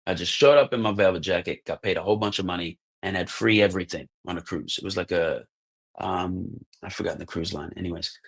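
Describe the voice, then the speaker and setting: An American man in his thirties, a podcast guest telling casual stories, animated, acting out the lines of people in them and often saying "like" and "bro". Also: low-pitched, fairly quick, gravelly. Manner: animated, acts out quoted dialogue, says "like" and "bro" often. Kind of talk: casual storytelling.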